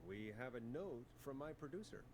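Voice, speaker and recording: A man doing a late-night radio DJ from a horror video game, calm and measured on the air. His voice sits at an ordinary pitch over clear background noise. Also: natural voice. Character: late-night male radio host, steady and earnest. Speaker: radio host.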